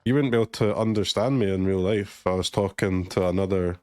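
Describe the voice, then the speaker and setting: A man's voice: deep voice, fast talker, a little mellow. A man from Glasgow streaming a card game and chatting sarcastically, joking and swearing freely in a neutral streamer voice. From Scotland, Glasgow. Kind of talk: casual commentary while gaming.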